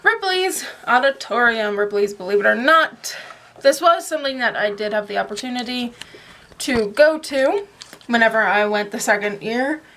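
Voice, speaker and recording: A young woman talks casually to a handheld camera at home, rambling from one thought to the next with small laughs. Her voice sits a little higher than most, with a faint hiss of room noise behind her. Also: lively intonation, moderate pace, a bit bright. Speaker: vlogger. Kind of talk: casual vlog chat.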